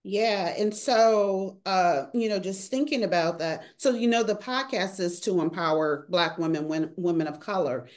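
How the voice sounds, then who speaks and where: A woman's voice: on the low side, normal speed, hardly any pauses. A woman hosting a podcast interview, asking questions in an affirming, conversational way with many "you know"s. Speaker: podcast host.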